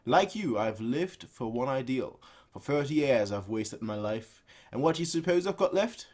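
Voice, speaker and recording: A man's voice: medium pitch, lively intonation, normal speed, a little mellow, lightly acted. A man voicing a weary, regretful old male retainer who speaks in an earnest, lecturing way while reading a manga aloud. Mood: persuasive.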